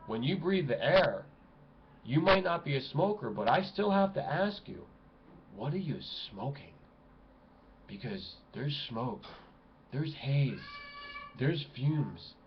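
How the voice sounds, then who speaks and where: A man vlogging from home in an impassioned ranting monologue, swinging between loud exclamations and low mutters. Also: very animated, slow pace, muffled recording, slight background noise. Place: home room at a computer desk.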